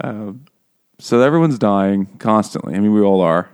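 Low-voiced man joking in casual chat. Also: animated, moderate pace, darkish tone, smooth. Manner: rambling, joking, profane. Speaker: podcast co-host.

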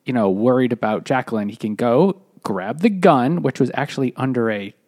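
Man, mid pitch, animated melody, podcast co-host, explains the plot. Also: a little fast. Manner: explains the solution step by step. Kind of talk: casual book-club banter.

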